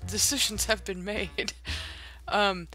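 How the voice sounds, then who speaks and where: A woman's voice: medium pitch, fairly even intonation, slow pace, sharp tone, soft background music. A woman chatting casually while playing a building game, musing aloud with hesitant asides and giggles. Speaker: Minecraft let's-play host. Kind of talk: casual gameplay chat.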